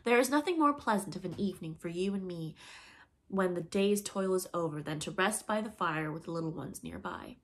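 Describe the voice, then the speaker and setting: Woman reading a swaggering storybook boy, bright and boastful, plays at being a dad. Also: lowish voice, lively intonation, brisk. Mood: cheerful. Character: boastful boy playing father, cheerful.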